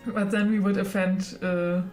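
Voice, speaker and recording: A woman's voice: mid-range voice, level tone, unhurried, darkish tone. A woman streaming a narrative game, reading its text aloud and chatting with frequent giggles. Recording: roomy echo with faint music.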